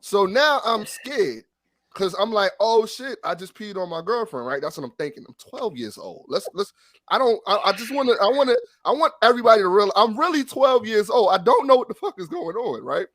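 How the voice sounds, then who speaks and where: Animated storyteller man, higher voice. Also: brisk, no room sound. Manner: animated, profane, rambling with restarts. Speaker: podcast co-host. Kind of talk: casual storytelling chat.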